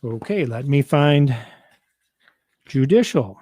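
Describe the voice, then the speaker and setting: Measured man reading constitutional text. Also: mid-range voice, lively intonation, dark tone, slightly rough, dry recording. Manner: measured, deliberate, quotes documents aloud. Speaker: host of a civics program. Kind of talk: reading and explaining a state constitution.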